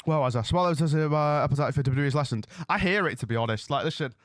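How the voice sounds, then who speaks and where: A man with a slightly high voice talks quickly while streaming a live wrestling watch-along from home, casually addressing viewers and often losing his train of thought. The sound is dry and studio-clean.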